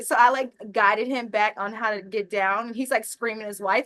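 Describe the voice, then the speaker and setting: A woman's voice: a little high, normal speed, few pauses, low-quality recording. A woman with a Texan accent, a podcast guest who tells a story casually and acts out the people in it. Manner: animated, acts out voices in her stories with laughs. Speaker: podcast guest, roofing business owner.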